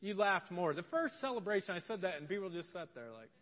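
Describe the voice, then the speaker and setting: A high-voiced man delivers a humorous, animated sermon as pastor, slipping into voices for the people in his story. The recording is muffled and carries the long reverb of a church hall. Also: fast.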